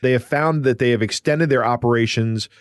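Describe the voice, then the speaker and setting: A man co-hosting a podcast, explaining a story in a relaxed, conversational way. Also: medium pitch, fairly quick, dry recording, clean studio sound. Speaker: podcast co-host. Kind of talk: casual podcast chat.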